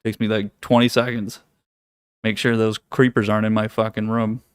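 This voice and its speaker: A man's voice: fairly low pitch, flat delivery, moderate pace, clear, resonant tone, no echo, studio quality. A man hosting a live trading stream from his home office, chatting casually with viewers, swearing freely, laughing often and teasing the chat.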